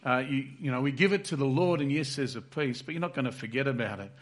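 A man's voice: medium pitch, fast. A man preaching a sermon, earnest and repetitive, acting out heartfelt prayers aloud.

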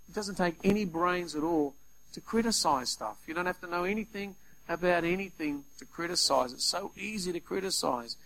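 Brief: male preacher, fairly high voice, animated sermon delivery with acted-out asides. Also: rough recording. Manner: animated, acts out little scenes in quoted voices.

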